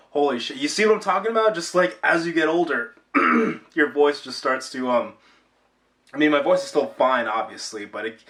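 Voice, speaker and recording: Young male vlogger, middle pitch, loose self-deprecating ramble, recorded a little far from the mic. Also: sharp tone. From Rhode Island, USA. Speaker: YouTube channel owner. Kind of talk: casual vlog chat.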